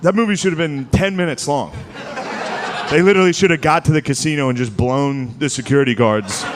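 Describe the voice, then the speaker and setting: A man's voice: fairly high pitch, brisk, noisy background. A man doing a stand-up comedy set before a live audience, talking in a loose, rambling way full of filler words. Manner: loose, rambling delivery with many filler likes. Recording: live show with crowd laughter. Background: audience laughter.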